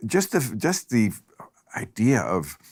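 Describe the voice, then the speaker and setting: A middle-aged man hosting a casual chat over drinks, wry and quick to laugh. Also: slightly rough. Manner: wry, laughs often, lively pitch. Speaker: host. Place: studio set. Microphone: lapel mic.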